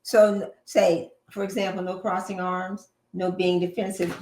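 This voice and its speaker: Middle-aged lady cohost giving relationship advice, lively and teasing, echoey room. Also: fairly low pitch, a little slow, slight background noise. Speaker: co-host of a marriage show. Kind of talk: casual advice chat.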